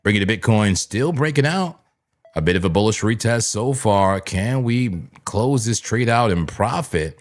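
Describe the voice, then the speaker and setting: Hosting a live crypto trading stream, a man with a fairly low, somewhat slow voice talks through charts loosely and animatedly, chuckling as he goes. Now and then he breaks into mock-preacher call-and-response bursts like a sermon.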